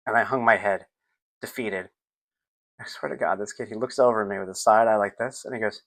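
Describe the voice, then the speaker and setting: Speaking quickly at a medium pitch, a middle-aged man hosts a casual solo podcast. He tells animated stories about his son, acting out the scenes and singing snippets.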